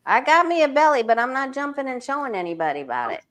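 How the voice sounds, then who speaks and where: A woman joins a tarot reading as a guest and trades wry, chatty remarks with the host. Her voice sits a little higher than most women's. She keeps it loose and conversational. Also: sing-song, fast talker, fairly bright tone. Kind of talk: casual chat.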